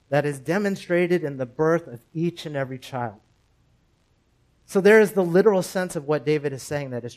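A man delivers a sermon from the pulpit, building his points through repeated phrases and questions to the congregation. His voice sits a little higher than most men's, and his delivery stays measured and deliberate. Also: a little mellow, low-quality recording. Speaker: pastor.

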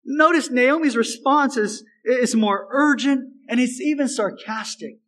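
A man's voice: very high voice, a little slow, a bit bright, low-quality recording. A man preaching a sermon as a pastor, earnest and emphatic, repeating phrases for stress.

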